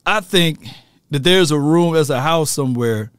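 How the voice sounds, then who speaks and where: A man's voice: on the high side, normal speed, smooth, no echo, clean studio sound. A man ranting animatedly about football as a fan commentator, laughing at himself.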